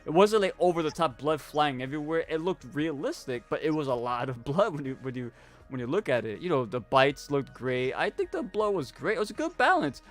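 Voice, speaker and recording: A man's voice: fairly high pitch, sing-song, fairly quick. A man co-hosting a live horror movie review, talking casually and rambling with many restarts. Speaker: co-host of a horror review show.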